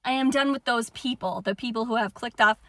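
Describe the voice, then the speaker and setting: A young woman in an impassioned personal monologue, swearing fiercely, swinging between shouting and hushed calm. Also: a little high, brisk, no room sound. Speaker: spiritual vlogger.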